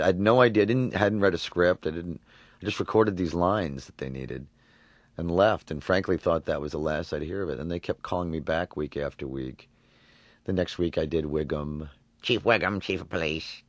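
A man around forty, a voice actor talking in an interview, halting and restarting his words often. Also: a bass voice, no echo. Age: 40s. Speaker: voice actor guest. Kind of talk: relaxed interview talk.

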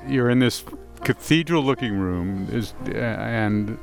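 A man interviewing musicians, halting and repeating himself, often laughing. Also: lowish voice, creaky, soft background music. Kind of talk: casual interview.

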